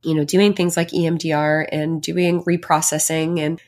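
A woman's voice: sits low, little pitch movement, moderate pace, darkish tone. A pregnant woman hosting her own podcast, talking in a heartfelt, reflective way, chatty and full of fillers. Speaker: podcast host. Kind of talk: personal solo podcast.

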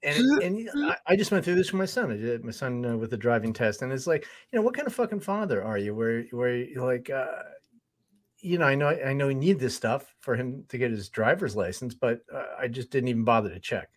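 A middle-aged male co-host riffs with jokes and laughs often. His voice rises and falls in a lively, animated way. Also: mid-range voice, a little fast. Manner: laughing, jokey riffing. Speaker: podcast co-host. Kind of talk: comedic podcast banter.

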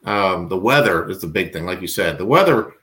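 A man's voice: low-pitched, expressive, a little fast, sharp tone. A man from Virginia, a podcast guest, rambling through casual chat with self-mocking jokes and stammered restarts. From Virginia, US South.

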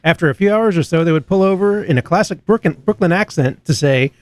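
A man's voice: on the high side, expressive, fast talker. A man co-hosting a casual motorcycle podcast, reading listener emails aloud with easy laughs and small restarts. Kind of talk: casual chat. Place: home garage with a fan running.

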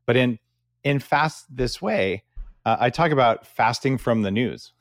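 A man's voice: mid-range voice, lively intonation, measured pace, no room sound, studio quality. A man hosting an interview podcast, speaking casually and directly as he reflects and asks questions. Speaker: podcast host. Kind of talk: conversational interview.

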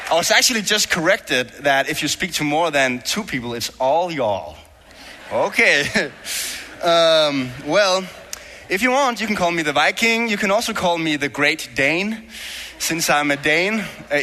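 A man's voice: fairly high pitch, pushed and bright. A young man from Denmark with a Danish accent, preaching a sermon in a joking, self-deprecating, conversational way. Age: young adult. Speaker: guest preacher. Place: church hall. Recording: long hall reverb.

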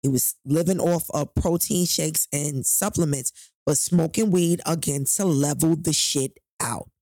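A woman, telling a personal story on a podcast in a casual, animated and profane way, acting out what people said. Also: deep voice, a little slow, no room sound, studio quality. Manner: animated, profane, acts out quotes loudly.

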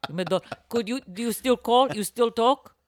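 A young woman hosting a comedy podcast, rambling and giggling through a deliberately bad put-on Irish accent. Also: a little high, darkish tone, no room sound, clean studio sound. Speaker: podcast host.

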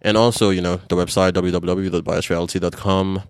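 A man with a very low, smooth, resonant voice hosts a podcast in easygoing conversation. He talks loosely, with plenty of "you know" and "like." The sound is close and dry. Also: little pitch movement, fairly quick, no echo. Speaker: podcast host. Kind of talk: casual chat.

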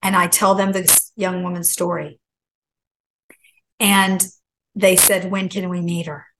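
A middle-aged woman telling a long personal story as a guest, animated and acting out the voices she quotes. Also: lowish voice, takes it slowly, a little hiss or hum, rough recording. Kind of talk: casual storytelling.

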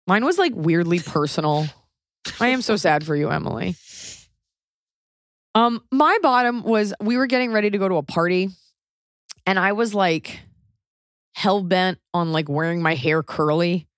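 A woman in her thirties chats on a podcast, blunt and wry, slipping into little acted-out voices when she quotes people. Her voice sits a bit low, and the sound is dry and close. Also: normal speed, pauses often, dry recording. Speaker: podcast co-host. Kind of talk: casual chat.

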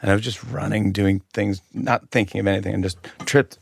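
A comedian guest chatting casually, telling stories and improvising jokes. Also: male voice, lowish voice, steady tone, a little fast, creaky, breathy edge. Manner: storytelling, improvising comic bits.

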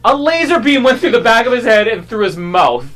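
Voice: mid-range voice, big pitch swings, brisk, a bit bright. A co-host giving casual movie commentary, giggly, rambling and opinionated. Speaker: podcast co-host.

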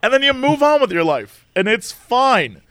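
A man's voice: very high-pitched, sing-song, normal speed, fairly bright tone, dry recording, clean studio sound. A man in casual podcast chat, animatedly telling a story and acting out the quoted lines.

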